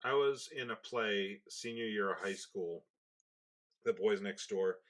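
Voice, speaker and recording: A man co-hosting a podcast, telling a story in a relaxed, chatty way. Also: on the low side, a little slow. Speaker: podcast co-host. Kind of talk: casual storytelling.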